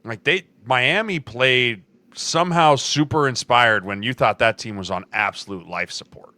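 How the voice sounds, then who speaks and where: A man's voice: medium pitch, moderate pace, bright, forceful tone, no room sound. A man co-hosting a football podcast in casual, conversational chat. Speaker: podcast co-host.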